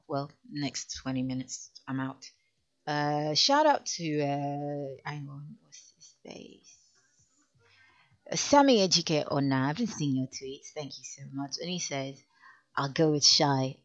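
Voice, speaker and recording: A woman hosts a late-night radio show, talking in a low, deep register. She speaks frankly and teases her listeners between songs. The sound is muffled, like a lo-fi broadcast capture. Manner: frank and teasing, laughs at listeners' views.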